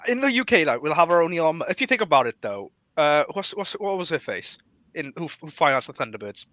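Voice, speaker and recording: A man hosting a casual political podcast chat, animated and quick to laugh, jumping up in pitch when he jokes. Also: dry recording. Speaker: podcast host.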